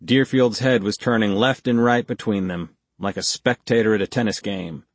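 A man's voice: fairly low pitch, moderate pace, no echo. Male thriller audiobook narrator, dry sound.

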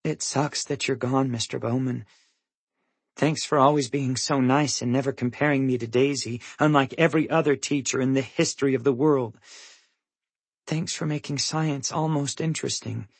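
A man's voice: mid-range voice, steady tone, moderate pace, slightly rough, dry recording, voice pushed up. A man voicing a wobbly-voiced teenage girl. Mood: shaky wry. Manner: shaky, foul-mouthed and wry. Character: grieving, blunt teenage girl.

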